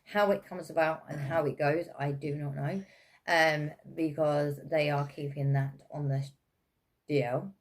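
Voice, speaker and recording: Low-voiced English woman giving a tarot reading. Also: a little slow. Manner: relaxed and chatty, many fillers, laughs often. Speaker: tarot reader. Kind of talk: casual intuitive reading.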